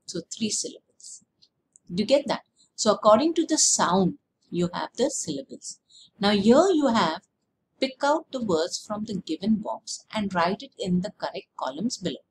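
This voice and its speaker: A woman teacher explaining a lesson slowly, repeating words and checking with "okay?". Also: medium pitch, a little mellow, slight background noise, poor audio. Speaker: English teacher.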